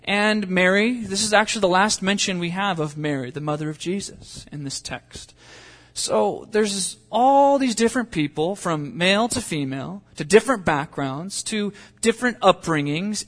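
High-voiced man preaching in an echoing hall. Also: animated, moderate pace. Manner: earnest, conversational preaching with fillers and rhetorical questions. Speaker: pastor. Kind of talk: sermon. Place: church sanctuary.

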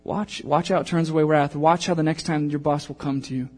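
Guy in his 30s preaching, kinda high voice, tells stories and acts out all the quotes. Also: fairly quick, soft background music. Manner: animated storytelling, acting out quotes. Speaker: pastor. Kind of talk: sermon.

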